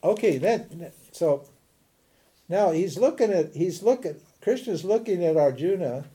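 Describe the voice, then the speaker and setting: Speaking a little slowly in a voice that sits high, a man teaches a spiritual class in a casual lecture style. He's animated and chatty, laughing frequently and beginning sentences again.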